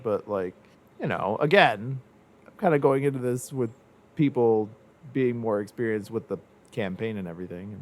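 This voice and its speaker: A man's voice: on the low side, moderate pace, slight background noise. A young man hosting a casual podcast chat, rambling with lots of fillers and frequent laughs. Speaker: podcast host.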